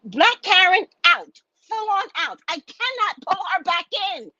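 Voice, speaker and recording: A woman's voice: very high-pitched, pushed and bright, dry recording. A woman host and psychic reader telling a story in a casual, indignant, profane rant. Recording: dull lo-fi dry sound.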